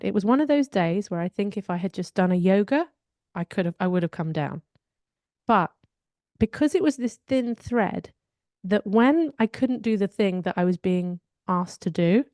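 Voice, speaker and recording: A woman co-hosts a podcast in a relaxed, conversational way. She tells personal stories candidly and reflects as she talks. Her voice sits in an ordinary middle register and is recorded dry and close. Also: medium pitch, normal speed, no echo. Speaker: podcast co-host. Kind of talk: casual conversational chat.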